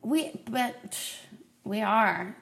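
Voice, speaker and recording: A woman's voice: fairly high pitch, lively intonation, drawn-out words, vocal fry, slight background noise. A young woman hosting a podcast, chatting casually and rambling with lots of "like"s. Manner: rambling, filler-heavy with many "like"s. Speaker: podcast host.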